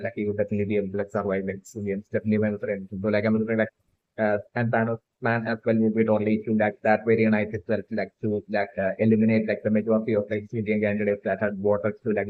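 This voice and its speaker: A man's voice: fairly low pitch, no echo. A man giving a rambling solo commentary on a theory, packing nearly every phrase with "like" and "uh" and restarting sentences. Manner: filler-heavy, says like constantly, restarts. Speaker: fan theory video maker. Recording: tinny phone-like sound.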